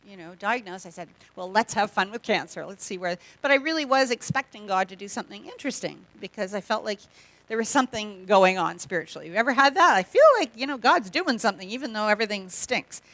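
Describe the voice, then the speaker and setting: A woman's voice: medium pitch, expressive, fast talker, fairly bright tone. A middle-aged Canadian woman, a guest speaker giving a humorous testimony talk in a church, chatty and joking, acting out quoted voices.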